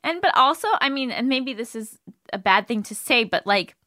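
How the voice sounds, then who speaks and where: A young woman co-hosting a podcast talks through advice casually, trailing off and restarting as she thinks aloud. Her voice is bright and clear. It sounds close-miked and dry, with no room around it. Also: fairly high pitch, lively intonation, normal speed, no echo. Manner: chatty, thinks aloud with many "like"s and restarts, laughs easily. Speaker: podcast co-host.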